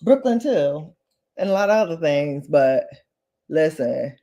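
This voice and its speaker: A woman with a New York accent, chatting playfully to viewers in a casual beauty vlog while doing her makeup. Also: a little slow. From New York, Bronx. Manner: animated with sudden high pitch jumps. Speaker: beauty vlogger.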